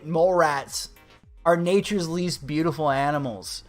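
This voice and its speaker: A man's voice: on the high side, expressive, normal speed, a bit bright, soft background music. Sarcastic, profane male streamer ranting. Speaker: livestream host. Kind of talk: casual livestream commentary.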